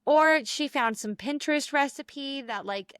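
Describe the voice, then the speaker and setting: Telling a story on the podcast she co-hosts, this young woman chats casually and performs the quoted lines. She speaks at a measured pace in a high, slightly bright voice, recorded dry at studio quality.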